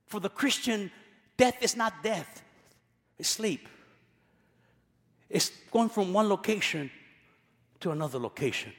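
A male pastor preaching a sermon, emphatic, repeating key phrases and swinging between loud passages and quiet ones. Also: high-pitched, expressive, measured pace, long pauses, big-room sound.

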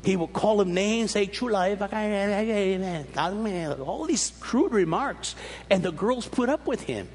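Preacher, male, fairly high husky voice, lively emphatic sermon storytelling, long hall reverb. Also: measured pace, a little hiss or hum. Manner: animated storytelling with emphatic rises and repeated restarts.

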